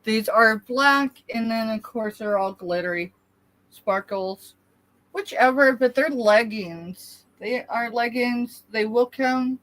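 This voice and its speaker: A woman's voice: on the high side, slow pace, a bit bright, low-quality recording. A woman describing items for sale on a live stream in an easygoing, casual way.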